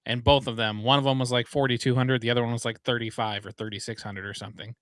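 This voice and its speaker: A man's voice: medium pitch, flat delivery, fast, dry recording. A man co-hosting a live podcast, trading teasing jokes in casual banter. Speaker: podcast co-host. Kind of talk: casual live-stream chat.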